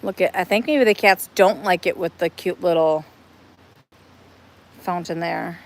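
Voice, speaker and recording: A woman's voice: lowish voice, measured pace. A woman hosting a casual live stream, chatty and rambling, filming on a phone while walking around an outdoor cat playground. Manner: chatty, rambling, laughs easily.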